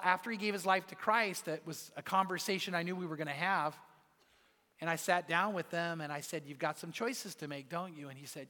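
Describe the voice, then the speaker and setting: Bright-voiced pastor preaching in a hall. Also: male voice, high-pitched. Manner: storytelling, earnest, emphatic preaching. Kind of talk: sermon. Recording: long reverb of a large hall.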